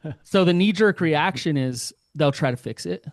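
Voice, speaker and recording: A man's voice: fairly high pitch, expressive, moderate pace. A man speaking as a couples therapist in a podcast interview, earnest and often acting out what partners say. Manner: earnest, acts out quoted partners.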